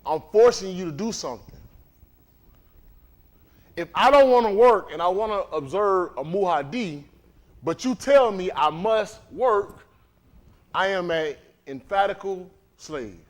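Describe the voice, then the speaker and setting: A man's voice: high voice, unhurried, long pauses. A man preaching a livestreamed sermon in a conversational way, often putting questions to the congregation. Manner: animated, conversational, quizzes the congregation.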